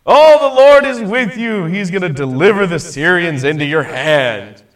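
A blunt, sarcastic prophet who delivers bad news with a dry drawl, as a man voices him for a class. His voice sits slightly high and sounds a little distant from the microphone. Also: animated, moderate pace, a bit bright.

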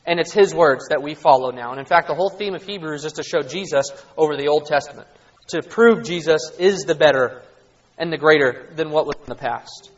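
High-voiced man preaching a Bible lesson. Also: a little fast, muffled recording. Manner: earnest, emphatic, rising to stress key points.

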